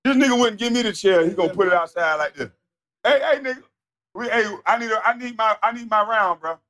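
A man streaming live, ranting off the cuff in a profane, mocking, animated way that sometimes turns to shouting. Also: high-pitched. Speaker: livestreamer. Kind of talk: off-the-cuff livestream rant.

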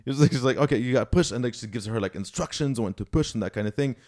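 A man's voice: mid-range voice, rapid-fire, darkish tone. A young man, a podcast host, telling a long story in casual chat, packed with "like" and "you know".

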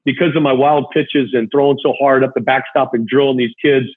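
A husky man tells a heartfelt story from his childhood, rambling and full of fillers. His voice comes through a thin, tinny phone line. He sounds like a former ballplayer chatting with a friend. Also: mid-range voice, fairly even intonation, brisk. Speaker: guest, former big-league pitcher. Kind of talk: casual storytelling chat.

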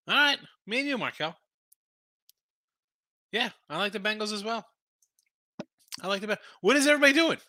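A man's voice: sits high, expressive, pushed and bright, dry recording. A man hosting a live late-night sports betting stream, firing off brash picks and talking to his chat while tired and yawning. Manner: brash, rapid-fire opinions, talks to chat. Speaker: sports betting show host.

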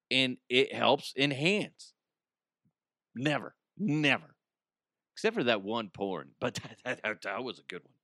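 A man's voice: medium pitch, sharp tone, dry recording, studio quality. A man hosting a podcast, ranting in a crude, rambling comedic monologue and often laughing. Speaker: podcast host.

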